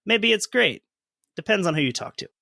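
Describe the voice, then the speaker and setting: A man co-hosts a history podcast, reading archival quotes aloud and slipping in dry jokes. His voice is bright and a little high, recorded close and dry with no room sound. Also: expressive, normal speed, creaky, no echo. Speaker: podcast co-host. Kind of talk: history podcast narration and chat.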